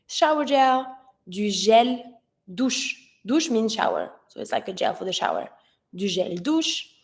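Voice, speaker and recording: French lady teacher, slightly high voice, says each word slowly and clearly, mixes english and french. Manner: slow, careful pronunciation drills, switching between English and French. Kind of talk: online vocabulary lesson.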